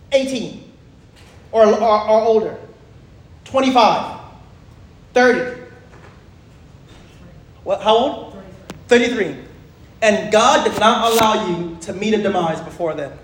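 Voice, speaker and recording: A man with a very high voice leads a Bible study like a sermon, excitable and emphatic, lingering over each verse. His voice rings out with a roomy echo around it. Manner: excitable, emphatic, slows down for scripture. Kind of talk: sermon-style Bible teaching.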